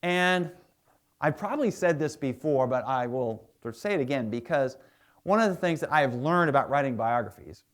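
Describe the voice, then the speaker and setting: A man's voice: mid-range voice, lively intonation, moderate pace. A man who is a historian and biographer, giving a public lecture as a chatty storyteller with plenty of asides.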